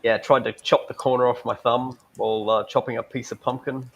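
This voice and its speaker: A man's voice: mid-range voice, level tone, brisk, low-quality recording. A man chatting casually, blunt and irreverent, with the occasional swear word. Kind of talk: casual chat.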